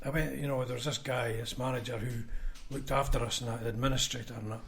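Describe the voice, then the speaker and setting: A man's voice: mid-range voice, steady tone, fast, creaky, fairly bright tone. A Scottish man, a former union convener, telling blunt anecdotes in a casual podcast chat and acting out what others said. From Scotland. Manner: anecdotal, blunt, acts out quoted voices.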